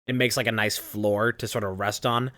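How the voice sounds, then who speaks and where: A podcast co-host and streamer in casual chat, speaking in a relaxed, untensed chest voice. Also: medium pitch, normal speed, dry recording, studio quality.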